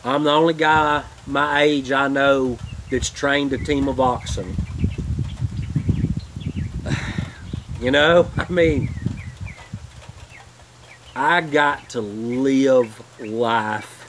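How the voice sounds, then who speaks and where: A man's voice: medium pitch, fairly even intonation, slow pace, long pauses, noisy background. A man hosting a homesteading channel, telling rambling, heartfelt stories in a casual livestream.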